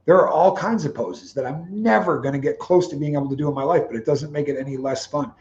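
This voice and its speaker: A man's voice: fairly high pitch, fast, a little mellow, roomy sound. A man co-hosting a casual livestream chat in an easygoing, wry way. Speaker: co-host. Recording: dull lo-fi mic.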